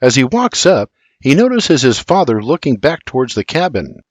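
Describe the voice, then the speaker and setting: An older man narrating a historical audiobook in an expressive storytelling manner. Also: medium pitch, normal speed, no room sound.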